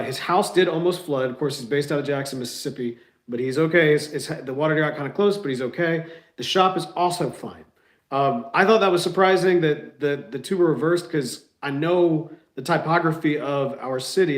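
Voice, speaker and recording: A man's voice: fairly high pitch, a little fast. A man hosting a podcast, chatting loosely to listeners with lots of fillers. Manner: loose, rambling, many fillers. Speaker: podcast host. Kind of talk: casual chat to listeners. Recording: echoey room.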